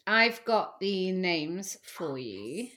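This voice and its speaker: A woman's voice: on the low side, big pitch swings, very slow, over a noisy crowd. A woman co-hosting a podcast in casual chat, chatty and self-deprecating. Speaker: podcast co-host.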